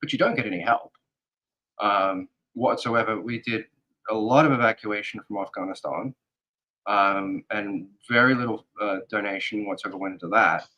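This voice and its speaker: Halting, earnest male interview guest. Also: fairly low pitch, pushed and bright, lo-fi sound. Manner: halting, earnest, thinks aloud in fragments. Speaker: guest, security advisor. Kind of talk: casual interview talk.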